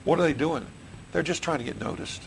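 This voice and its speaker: A man in middle age preaches a sermon from a church pulpit, his voice a little high with a gravelly, creaky edge. He fires questions at the congregation and repeats them, often restarting phrases mid-thought. A faint hiss of noise sits under the recording. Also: fairly quick, low-quality recording. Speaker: pastor. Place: church sanctuary.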